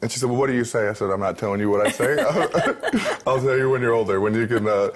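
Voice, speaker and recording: A man's voice: fairly low pitch, brisk. A man in his thirties, a professional football player, talking candidly and easily as an interview guest, with many fillers and restarts. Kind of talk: relaxed interview talk.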